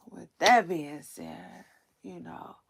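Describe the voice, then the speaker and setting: A woman's voice: lowish voice, gravelly, noisy background. A woman hosting a celebrity gossip livestream, talking casually and rambling to her viewers with frequent laughs. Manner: chatty, drawn-out, rambling with laughs. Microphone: livestream setup.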